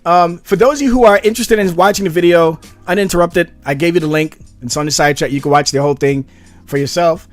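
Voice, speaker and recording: A man hosting a commentary channel, reacting to a debate clip with animated, sarcastic asides. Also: fairly high pitch, fast talker, faint music behind.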